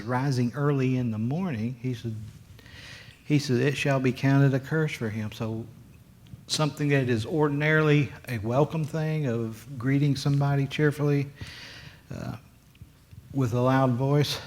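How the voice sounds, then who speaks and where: A man teaching a Sunday school Bible lesson in a church classroom, explaining verses in a halting, folksy way with many restarts. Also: mid-range voice.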